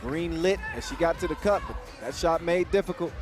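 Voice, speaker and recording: A man giving quick, energetic, joking play-by-play commentary at a live basketball event. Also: a little high. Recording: broadcast mix with loud crowd and music.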